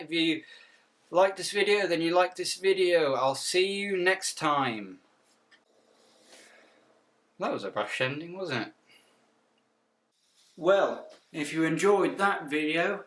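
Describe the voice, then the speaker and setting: A man's voice: high voice, slow pace, pauses often, recorded from a distance. Man, wisecracking, slightly off-mic. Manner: deadpan quips with sudden mock outbursts. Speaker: comedy vlogger. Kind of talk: jokey outfit commentary.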